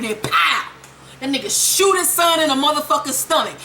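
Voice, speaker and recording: A woman with a high, bright voice rattles off a TV episode recap, swearing freely. She tells it like gossip with a friend, lively and unfiltered. Her tone is sharp and forward. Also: moderate pace, a little hiss or hum. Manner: profane, animated storytelling. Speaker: TV recap vlogger.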